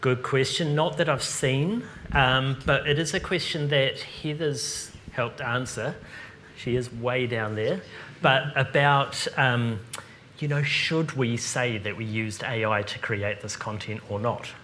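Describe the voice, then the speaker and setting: Kiwi man presenting a tech seminar, relaxed and chatty, light noise behind. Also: medium pitch, takes it slowly. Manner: casual, chatty, lots of ums. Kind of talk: live seminar Q&A.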